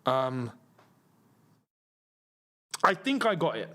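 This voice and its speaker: A young man hosting a live football watchalong, chatting casually and reacting loudly to chances on the pitch. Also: sing-song, drawn-out words, background noise. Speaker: football channel host. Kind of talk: live match watchalong chat.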